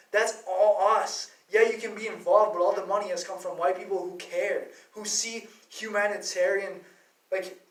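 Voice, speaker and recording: A man rants in a profane, rambling, heated monologue. His voice is high for a man. The sound is echoey, and he is well back from the mic. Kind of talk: ranting monologue. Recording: roomy, distant from the mic.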